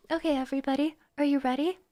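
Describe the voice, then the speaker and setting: A woman's voice: sits high, a little fast, warm tone. A young woman streamer chatting casually with her viewers in a wry, teasing way. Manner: wry, teasing, with laughs and restarts. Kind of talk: casual live stream chat.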